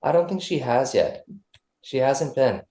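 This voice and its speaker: A man's voice: mid-range voice, expressive, unhurried, mellow. A man guesting on a casual podcast, loose and rambling with many restarts. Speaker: musician guest. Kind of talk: casual interview chat. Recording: roomy echo.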